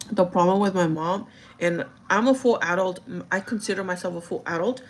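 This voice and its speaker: A woman's voice: lowish voice, normal speed, slight background noise. A woman in her thirties telling a story in casual chat, rambling with lots of "like" and "you know". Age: 30s. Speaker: vlogger.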